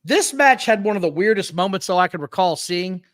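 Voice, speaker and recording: A man talks a little fast in a voice that sits high, heard on a low-quality recording without echo. He's the co-host of an easygoing wrestling podcast, relaying match stories in a blunt, profane, highly animated manner.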